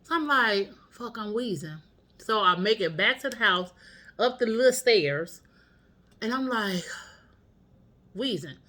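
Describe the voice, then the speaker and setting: A woman's voice: a little high, expressive, unhurried, pauses often, sharp tone. A woman vlogger telling a story at home, candid and profane in a casual, chatty way.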